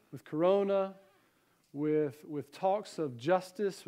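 A man with a Southern American accent delivers a Sunday morning sermon. His voice sits high for a man. He mixes scripture reading with easy asides and rhetorical questions to the congregation. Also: a little mellow. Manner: conversational preaching with rhetorical questions. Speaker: pastor.

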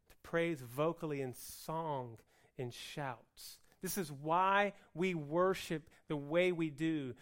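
A man preaching a sermon on Hebrew words for worship, mixing joking asides with loud, emphatic passages. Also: fairly high pitch. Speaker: pastor.

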